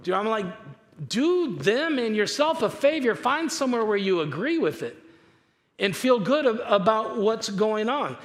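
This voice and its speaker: A man's voice: high voice, big pitch swings, a little slow. A man from California, a pastor giving a conversational sermon, telling stories and often repeating himself. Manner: chatty, repeats himself, storytelling. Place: church auditorium. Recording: reverberant hall with faint noise.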